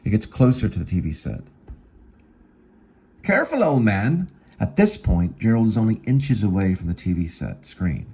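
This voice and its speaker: A man's voice: deep voice, expressive, a little fast, creaky, hardly any pauses, dark tone, slightly rough. A man reading his own screenplay aloud, working through the scene directions plainly, with small slips. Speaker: actor and channel host.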